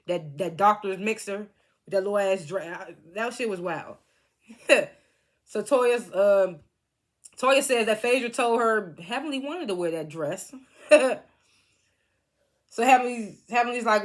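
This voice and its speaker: A woman's voice: mid-range voice, fairly bright tone. Chatty woman recapping reality TV. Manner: chatty, laughs often, quotes cast members. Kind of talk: casual recap.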